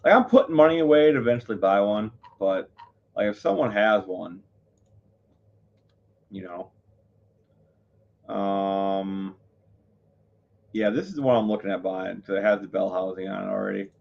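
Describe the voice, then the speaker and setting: A man on a live stream, rambling through his thoughts with plenty of fillers and self-corrections. His voice sits on the low side, and the sound is a bit muffled and lo-fi. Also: measured pace, vocal fry, long pauses. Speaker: livestreamer. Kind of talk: casual live-stream chat.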